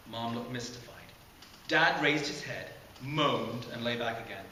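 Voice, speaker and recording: A man reading from his own novel at a launch party, expressive and chuckling at his own jokes. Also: mid-range voice, measured pace, a little hiss or hum. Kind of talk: animated reading aloud of a novel. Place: community center room at a launch party. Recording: echoey community center room.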